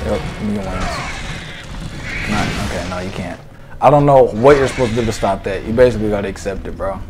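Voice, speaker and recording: A young man giving casual, excitable commentary to his viewers while he plays a video game. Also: lowish voice, a little fast. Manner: excitable, talks to his viewers, swears mildly. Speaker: gaming video creator. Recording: game music loud behind the voice. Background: game music.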